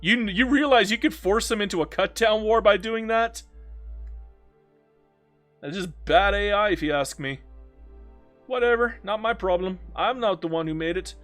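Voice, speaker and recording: A man's voice: sits high, normal speed, long pauses, fairly bright tone, faint music behind. A man streaming a strategy game, chatting casually, joking and reading viewer comments aloud. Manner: chatty, joking, reads chat aloud, breaks into silly mock voices. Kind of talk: live gameplay commentary.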